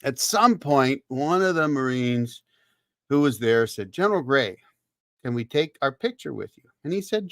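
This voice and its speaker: A man's voice: medium pitch, lively intonation, moderate pace, fairly bright tone, no echo, clean studio sound. A man in his fifties, a former Marine, casually telling a salty, folksy story with cussing on his livestream. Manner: folksy, salty veteran's yarn with cussing and laughs. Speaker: host.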